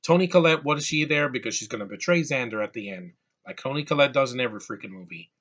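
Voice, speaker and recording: Bright-voiced man ranting about a movie. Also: medium pitch, lively intonation, fast, highs cut off. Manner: exasperated, ranting, repeats words and restarts. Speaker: movie reviewer. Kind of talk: casual movie rant.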